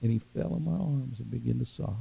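A middle-aged male pastor preaching an animated sermon, swinging from loud calls to hushed asides. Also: mid-range voice, fairly quick, gravelly, slightly rough. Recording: dull lo-fi sound.

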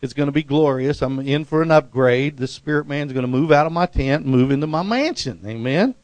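A middle-aged man preaching a sermon, animated, leaping into loud high-pitched bursts when he acts out quotes. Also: brisk, no echo, lo-fi sound. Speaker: pastor.

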